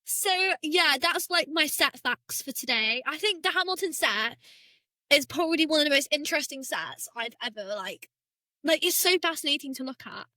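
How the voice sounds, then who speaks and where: Bright high-voiced woman chatting. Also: expressive, moderate pace, dry recording. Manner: chatty, many "like" fillers, laughs often. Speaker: podcast co-host. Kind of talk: casual chat.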